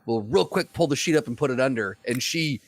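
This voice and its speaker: A man co-hosting a podcast in a relaxed casual chat, laughing easily and chiming in often. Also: medium pitch, a little fast, dry recording. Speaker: podcast co-host.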